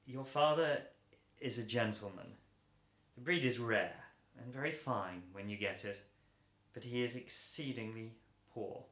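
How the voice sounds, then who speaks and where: An actor playing a blunt, self-assured millionaire suitor in an old-fashioned radio play, speaking in a dry, ironic, matter-of-fact way. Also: male voice, medium pitch, unhurried, fairly bright tone, echoey room, natural voice.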